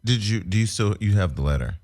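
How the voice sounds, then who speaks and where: A man with a very deep, low voice hosts an interview. He asks calm, direct follow-up questions and otherwise keeps to brief acknowledgements. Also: fast talker.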